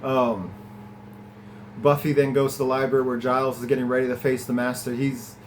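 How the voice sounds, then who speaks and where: A man's voice: level tone, fairly quick, a little hiss or hum, low-quality recording. Chatty man recapping an episode. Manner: chatty and enthusiastic, laughs often, swings from low to high pitch. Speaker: podcast host reviewing an episode. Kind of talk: casual recap and commentary.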